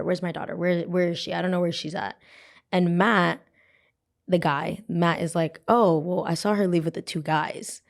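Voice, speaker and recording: Lower-pitched young woman telling a story. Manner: animated, acts out quotes with a put-on voice. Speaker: podcast host. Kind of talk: storytelling chat.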